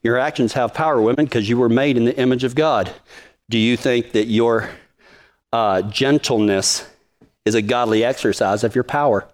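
A man preaching a sermon to his congregation in a folksy, joking manner, swinging from low and quiet to high and emphatic. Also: normal speed. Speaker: preacher of a cowboy ministry.

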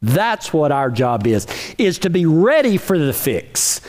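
High-voiced preacher man. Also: sing-song, a little slow, a little mellow. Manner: folksy, emphatic, rhetorical questions. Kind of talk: sermon.

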